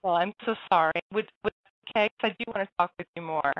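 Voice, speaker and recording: A woman's voice: fairly low pitch, fast talker, no echo. Chatty woman hosting a lo-fi internet radio show. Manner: apologetic, chatty, laughs easily. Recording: dull lo-fi audio, dry.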